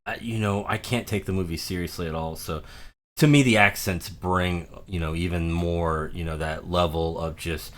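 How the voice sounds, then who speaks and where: A man's voice: sits low, steady tone, fairly bright tone. A man co-hosting a film podcast, chatting casually and laughing often, now and then mimicking other voices. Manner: laughing, enthusiastic, does quick mock voices. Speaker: podcast co-host. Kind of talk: casual chat.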